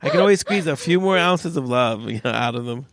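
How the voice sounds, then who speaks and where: A man, a priest and podcast co-host, telling stories in a joking, animated way in casual chat. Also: mid-range voice, a little fast, no echo, clean studio sound.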